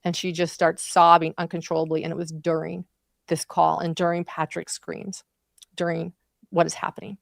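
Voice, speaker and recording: A woman's voice: fairly low pitch, monotone, normal speed, vocal fry, dry recording, studio quality. A woman commentating on a trial, recounting events in vivid, emotional detail. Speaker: true crime commentator.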